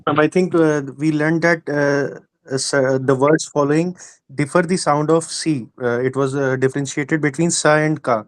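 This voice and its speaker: A man's voice: a little high, fairly even intonation, normal speed, no echo. A man answering his teacher's question in an online class, hesitant and searching for words. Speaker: student.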